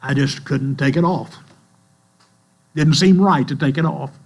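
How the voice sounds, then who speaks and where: A man's voice: a little high, gravelly. Older man preaching an earnest sermon. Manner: slow, earnest storytelling. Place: church. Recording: mains hum in the background.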